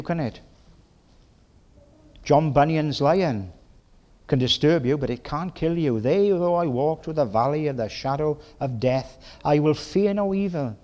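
A middle-aged man from Wales, with a Welsh accent and a medium-pitched voice, preaches a sermon in a folksy, lively way packed with tag questions and quick bursts.

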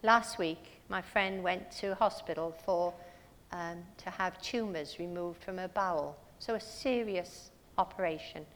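A woman's voice: fairly low pitch, measured pace, a bit bright, in a large hall, a little hiss or hum. A woman preaching a sermon in a church, telling stories earnestly and asking her listeners rhetorical questions.

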